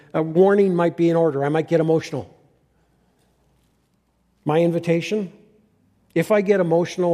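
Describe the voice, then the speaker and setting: An older male pastor gives an earnest farewell sermon in a fairly high voice with a dark, mellow tone. He often stops and restarts his thoughts. His words ring out with the long reverb of a church hall.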